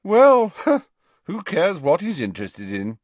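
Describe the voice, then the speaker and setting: A man's voice: on the low side, sing-song, unhurried, no room sound, dull audio, full character voice. A man voicing a spoiled, sneering teenage wizard boy who drawls with scorn. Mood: scornful.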